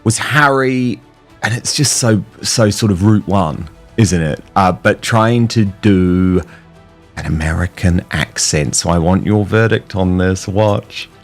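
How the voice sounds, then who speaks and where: A man's voice: deep voice, slow pace, soft background music. A man hosting a talk show, sardonic and hedging. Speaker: host.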